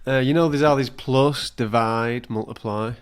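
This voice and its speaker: A man's voice: mid-range voice, normal speed, clear, resonant tone. Dry, teasing man co-hosting a podcast. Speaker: podcast co-host. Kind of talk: casual chat.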